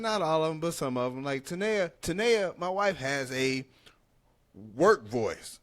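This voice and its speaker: An animated man hosts a laid-back podcast chat. His voice sits a little high, and he slips into other people's voices whenever he quotes them. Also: measured pace. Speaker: podcast host.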